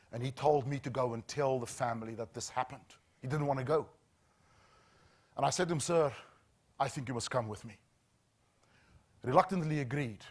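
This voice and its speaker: Middle-aged man, mid-range voice, trainer telling a story with earnest, hushed pauses. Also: mid-range voice. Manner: earnest, dramatic pauses, dropping to a hush at key lines. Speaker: safety trainer.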